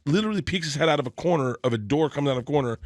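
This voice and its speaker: A man's voice: on the high side, animated, rapid-fire, no echo, studio quality. A man telling a long comic story on a podcast, acting out the voices and laughing through it. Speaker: storytelling guest.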